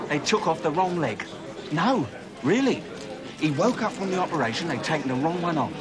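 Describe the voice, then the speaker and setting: An actor playing a chummy middle-aged man who tells crude jokes and needles people, recorded in a busy pub. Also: on the high side. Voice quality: jokey, needling banter. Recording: loud bar music and crowd.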